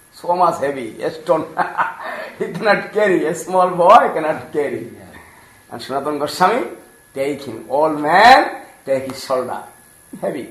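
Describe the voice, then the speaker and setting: A man telling a devotional story in simple English, animated, acting out the characters' voices and laughing often. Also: fairly high pitch. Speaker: storyteller preacher. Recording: echoey room.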